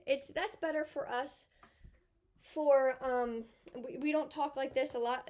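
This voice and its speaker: Woman teacher w a high voice, explains step by step, keeps asking okay?, punches the key words. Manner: explains patiently, with frequent "okay?" checks. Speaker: French teacher. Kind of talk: classroom lesson.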